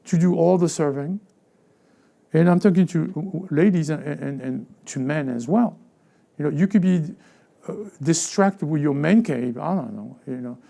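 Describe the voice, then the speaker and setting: A male pastor delivers a conversational sermon in a raised, gravelly voice with a dark, mellow tone. He stumbles and restarts often, repeating words as he goes. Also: fairly high pitch. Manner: halting, with frequent stammered restarts and repeated words; conversational preaching, acting out everyday voices. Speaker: lead pastor.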